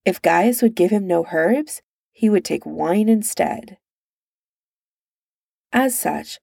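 Slow, gravelly woman reading a story. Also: lowish voice, no room sound, studio quality. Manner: unhurried, steady storytelling. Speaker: narrator. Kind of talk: reading fan fiction aloud.

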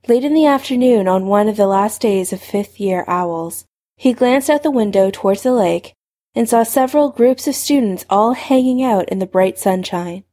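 Woman reading a fanfic out loud, steady narrator voice. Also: medium pitch. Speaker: reader. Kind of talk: fan fiction reading.

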